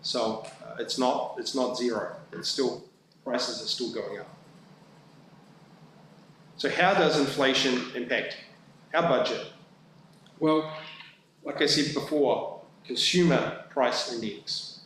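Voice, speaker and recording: Male staffer, mid-pitch, halting council presentation, booming chamber echo. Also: fairly bright tone. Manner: halting, many fillers and restarts. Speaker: town staff presenting budget. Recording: very echoey room, faint background noise.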